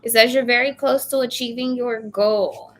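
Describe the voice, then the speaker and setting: Woman tarot reader, casual live session; blunt, chatty, a bit high in pitch. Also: steady tone, moderate pace. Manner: chatty, blunt, swears casually, addresses viewers by name.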